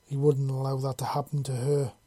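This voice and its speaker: An audiobook narrator reading a story aloud in a steady, even storytelling manner. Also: mid-range voice, fairly quick, breathy edge, no echo. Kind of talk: reading fan fiction aloud.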